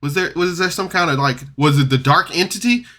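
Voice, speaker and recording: A man recapping a tabletop game podcast episode in a loose, rambling way, jumping between loud outbursts and mumbled asides. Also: fairly high pitch, fairly quick. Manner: rambling, loose, full of "like" and restarts. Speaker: podcast reviewer. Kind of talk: casual recap and commentary.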